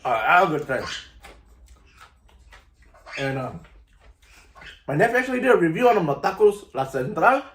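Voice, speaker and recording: A man's voice: on the high side, big pitch swings, moderate pace, pauses often, a bit bright, roomy sound. A middle-aged man, telling stories casually to camera in a laid-back, slangy way. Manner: laid-back, slangy, keeps saying "you know" and "vato". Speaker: vlogger.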